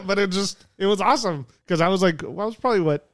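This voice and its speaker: A man's voice: high voice, expressive, fast, a bit bright, no room sound, clean studio sound. A man hosting a podcast, chatting casually about movies, rambling and swearing with frequent laughs. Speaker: podcast host. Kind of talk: casual movie review chat.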